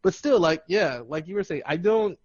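A man's voice: high voice, expressive, moderate pace, a little mellow, no room sound, lo-fi sound. A man co-hosting a podcast, telling stories in casual chat with quoted dialogue and frequent laughter. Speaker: podcast co-host.

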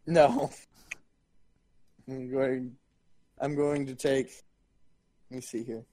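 A man's voice: medium pitch, fairly even intonation, takes it slowly, no room sound. A man playing a tabletop game. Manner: swears, laughs easily, plans out loud. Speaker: player. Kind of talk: casual tabletop game play.

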